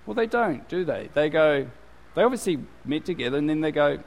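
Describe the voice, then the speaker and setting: A man's voice: on the high side, expressive, brisk. A male pastor giving a conversational sermon, full of fillers and restarts. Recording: long hall reverb.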